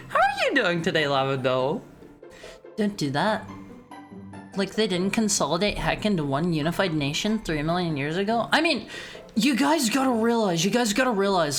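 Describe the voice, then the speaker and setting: A woman's voice: fairly low pitch, very animated, normal speed, fairly bright tone, soft background music. A woman streaming casually, chatting with her audience in a playful, rambling way full of stammered restarts. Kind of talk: casual live-stream chat.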